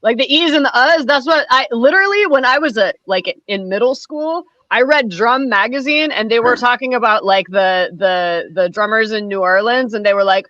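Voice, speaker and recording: A woman guest, a percussionist, talking in a chatty, lively way in a casual conversation. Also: a little high, moderate pace, hardly any pauses, no room sound. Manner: chatty and lively, many fillers. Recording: slightly dull lo-fi sound.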